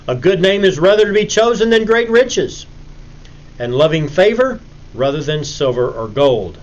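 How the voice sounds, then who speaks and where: A man giving a recorded Bible lecture in a preacherly way, acting out little stories with sudden loud emphasis. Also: on the high side, muffled recording.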